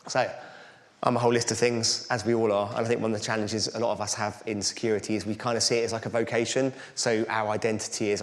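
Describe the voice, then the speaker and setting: A man's voice: fairly low pitch, little pitch movement, fast talker, echoey room. A middle-aged Englishman, giving a candid, conversational talk with slides at a conference. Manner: candid, conversational, self-deprecating. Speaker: conference speaker.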